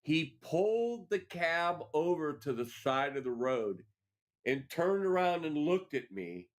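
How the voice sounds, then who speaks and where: A man hosting a casual after-show chat, telling stories in a lively way and swearing freely. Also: a little high, slow pace. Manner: animated storyteller, swears freely. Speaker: show host.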